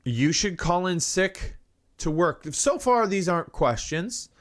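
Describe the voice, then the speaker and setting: A man's voice: sits high, takes it slowly. A man hosting a comedy show, ranting sarcastically and crudely, then answering listener questions. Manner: sarcastic and crude, swinging between mock-cynical and excited. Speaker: podcast host. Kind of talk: comedic political rant and listener Q&A.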